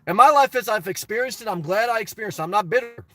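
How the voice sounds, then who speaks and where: A man who lives in his car casually reads viewer comments and answers them bluntly, rambling and restarting his sentences. His voice is high-pitched, fast, pushed, and bright.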